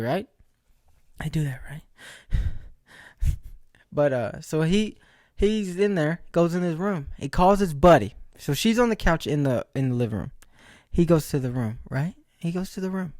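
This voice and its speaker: A man's voice: fairly high pitch, lively intonation, normal speed, darkish tone, no room sound, studio quality. Rambling, joking male podcast host. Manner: rambling, joking, laughs often; asks rhetorical questions. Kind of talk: casual solo storytelling.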